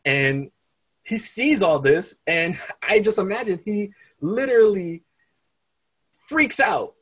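Animated man retelling a sermon story. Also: high voice, slow, breathy edge. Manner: animated, conversational retelling with restarts. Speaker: preacher.

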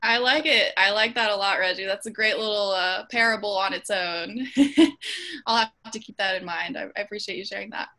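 A woman leads a group discussion over a video call. Her voice is bright and forward, and her speech is earnest, dotted with ums and small restarts. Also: mid-range voice, animated, moderate pace. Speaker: host of an online Bible study.

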